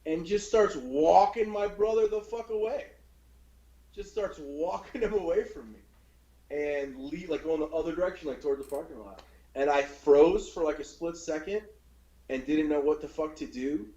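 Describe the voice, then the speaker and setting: A man in casual storytelling mode, profane and animated, slipping into the voices of the people he describes. The sound is roomy and a little dull and lo-fi. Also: fairly high pitch, moderate pace.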